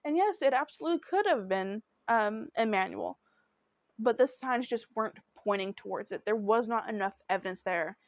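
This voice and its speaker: A woman's voice: a little high, lively intonation, moderate pace, no room sound. A woman hosting a true crime podcast, narrating a case in an earnest, emotional and heartfelt way. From Oklahoma.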